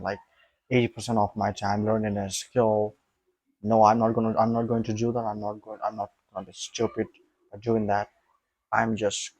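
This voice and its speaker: A man's voice: lowish voice, a little mellow, dry recording. Emphatic young man thinking aloud. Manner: emphatic, rambling, swears, repeats himself. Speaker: vlogger.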